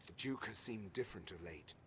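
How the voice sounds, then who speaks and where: An actor playing a cautious courtier, measured and courteous. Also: male voice, on the low side, breathy edge. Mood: doubtful.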